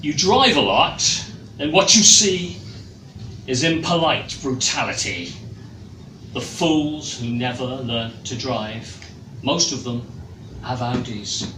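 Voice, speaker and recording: Slow, dry-voiced man reading comic poems. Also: mid-range voice, lively intonation. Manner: dry, measured delivery with hesitant fillers. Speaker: guest author and poet. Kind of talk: live comic poetry reading. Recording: echoey room, far mic, noisy.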